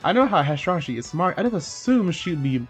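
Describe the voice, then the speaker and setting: A man's voice: high voice, very animated, a little fast, faint music behind. A man voicing a fussy, very proper old male mushroom steward with pompous, old-fashioned speech. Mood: fretful.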